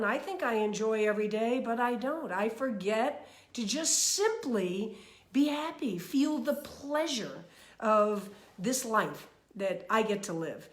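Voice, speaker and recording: A woman from New York giving a casual motivational talk about her weekly mantras, chatty and animated, with many fillers and restarts. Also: on the high side, reverberant. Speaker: speaker sharing personal mantras.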